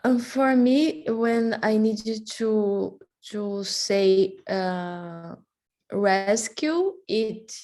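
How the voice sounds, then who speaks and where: Hesitant Brazilian woman, very slow. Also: medium pitch, warm tone. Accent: Brazilian Portuguese. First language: Brazilian Portuguese. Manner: hesitant, searching for words. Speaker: student.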